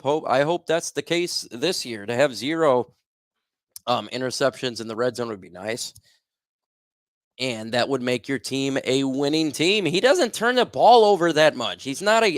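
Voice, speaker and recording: A man's voice: a little high, no room sound. Casual young man hosting a dry livestream. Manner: reads viewer comments aloud and reacts, loose and filler-heavy. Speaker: livestream host. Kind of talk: casual sports livestream chat.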